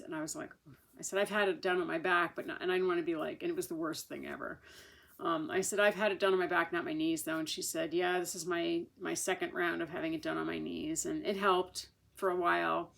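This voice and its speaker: Talking a little fast in a lowish, steady, creaky voice, a female vlogger recounts a patient's experience to camera. Her long, casual story wanders chattily, full of fillers and restarts.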